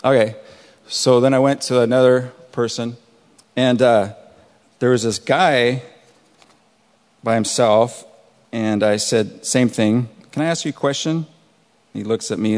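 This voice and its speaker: A male pastor reading scripture and telling a story from his week in a relaxed, conversational sermon. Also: medium pitch. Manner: relaxed conversational preaching, chuckles at his own stories. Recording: long hall reverb.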